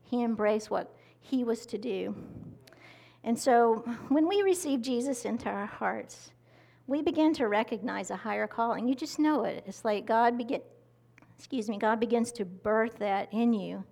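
Woman preaching with a gravelly voice. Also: fairly high pitch, moderate pace. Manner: conversational, animated teaching with acted-out quotes. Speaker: pastor. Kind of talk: sermon. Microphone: mic held close to the mouth.

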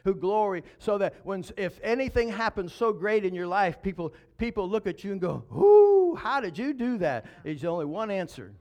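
A man's voice: high-pitched, fairly quick, hardly any pauses. A man preaching a sermon as pastor, emphatic, with rhetorical questions and chuckles.

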